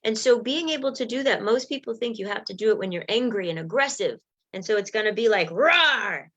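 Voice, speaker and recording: A woman coach giving a casual livestream talk, lively and acting out little example conversations in quick voices. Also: mid-range voice, highs cut off. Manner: animated, acts out example dialogue in quick voices. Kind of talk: Facebook Live coaching talk.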